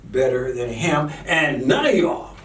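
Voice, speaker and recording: A man's voice: mid-range voice, sing-song, a little slow, distant mic. A man ranting fervently in a preachy style, often repeating words when worked up. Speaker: commentator. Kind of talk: impassioned political rant. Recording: echoey room, voice from off-mic.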